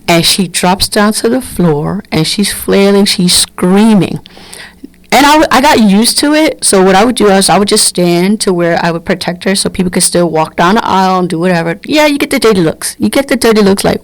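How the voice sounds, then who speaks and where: A woman's voice: mid-range voice, moderate pace, dry recording, low-quality recording. A middle-aged woman, telling candid stories bluntly as a podcast host. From Brooklyn, New York. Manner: candid, blunt, animated storytelling. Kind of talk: casual storytelling monologue.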